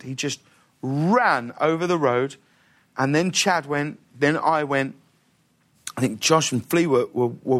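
A man, a talk show guest telling a long story in casual chat, animated and laughing often. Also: on the high side.

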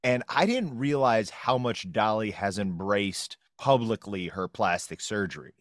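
A man co-hosting a podcast, chatting casually in a relaxed way. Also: on the low side, measured pace, dry recording, clean studio sound. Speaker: podcast co-host. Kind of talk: casual chat.

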